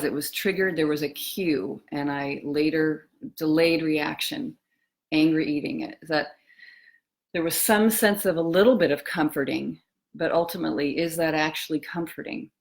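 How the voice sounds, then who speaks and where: Low-voiced woman, soft and musing. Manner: slow, soft and musing, with pauses and trailing phrases. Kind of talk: reflective live talk on eating and emotions.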